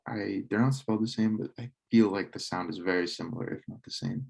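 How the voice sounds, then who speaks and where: A man teaching a casual slideshow lesson, relaxed and halting, often correcting himself. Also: fairly low pitch, vocal fry. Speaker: French club teacher.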